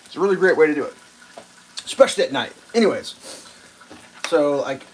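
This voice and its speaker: A man spins a long, meandering story for his livestream audience while he cooks. His voice sits a little higher than most men's, and he swears freely as he goes. He keeps jumping into loud, acted-out bits of the scene he is describing. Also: lively intonation, brisk, slight background noise, low-quality recording. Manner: rambling, swears, acts out quotes loudly. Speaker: livestream host. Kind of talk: casual storytelling while cooking.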